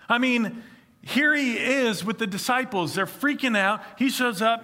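A man preaching a sermon, reading scripture and then retelling it in a lively, conversational way with acted-out quotes. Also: very high voice, normal speed. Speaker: pastor.

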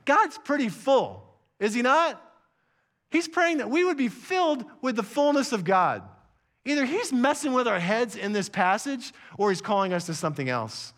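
A man in his sixties preaching a sermon in a conversational way, with jokey asides and repeated phrases, swinging from emphatic bursts to a hush. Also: extremely high pitch, moderate pace. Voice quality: animated and emphatic, with sudden drops to a hush. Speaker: pastor.

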